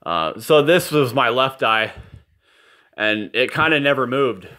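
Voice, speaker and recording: A man speaking at an ordinary mid pitch in a rambling home video recorded indoors. His talk wanders from topic to topic, turns profane and ranting at times, and he often apologizes. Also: lively intonation, measured pace, sharp tone. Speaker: father filming a video message. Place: indoors at home, in a room with a nightlight.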